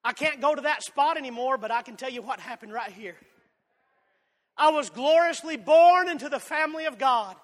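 Southern preacher guy, really high bright voice, fiery, booming in a big reverby church. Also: moderate pace. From Georgia, US. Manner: fiery preaching, swings between loud shouts and soft asides. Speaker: pastor. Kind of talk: sermon. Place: church sanctuary. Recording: long hall reverb.

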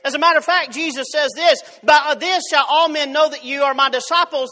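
Man, fervent sermon, very high voice, bright edge, long church reverb. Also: brisk. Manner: fervent, repeats words and restarts often. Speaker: preacher.

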